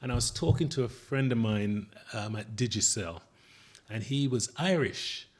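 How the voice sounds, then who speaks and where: A man's voice: medium pitch, moderate pace. Man with a muddled English-Jamaican-American accent. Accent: mixed English, Jamaican and American. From England. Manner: rambling, hesitant, many fillers and restarts. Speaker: podcast host. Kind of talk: casual interview chat.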